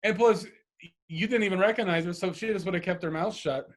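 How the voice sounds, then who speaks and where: A man co-hosting a podcast in casual chat, chiming in on a story with halting restarts. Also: high voice. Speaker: podcast co-host.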